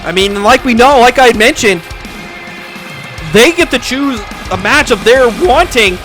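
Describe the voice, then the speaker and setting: A young man doing profane, excitable play-by-play for a hobby wrestling show, swearing constantly and breaking into shouted hype. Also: extremely high pitch, a little slow, over music. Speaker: fake wrestling commentator.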